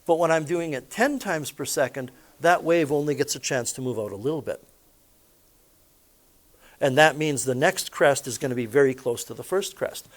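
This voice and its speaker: A man's voice: mid-range voice, normal speed. A man teaching a physics lesson in a chatty way, putting questions to his listeners and adding personal stories. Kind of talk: recorded classroom lesson.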